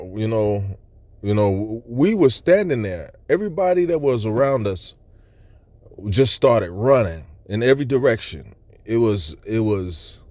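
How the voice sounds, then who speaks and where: Guy sharing his testimony, dark mellow voice, rambly and earnest, dry close sound. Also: fairly low pitch, dry recording. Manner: loose, rambling storytelling full of "you know" asides. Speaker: person sharing a religious testimony. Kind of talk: personal testimony recounting a vision.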